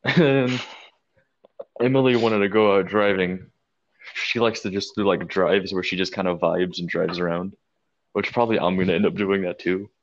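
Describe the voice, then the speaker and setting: A low-voiced man co-hosting a casual podcast, telling a story with plenty of swearing and energy. The recording sounds dull and lo-fi. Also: moderate pace. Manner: animated, profane storyteller with frequent laughs. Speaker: podcast co-host.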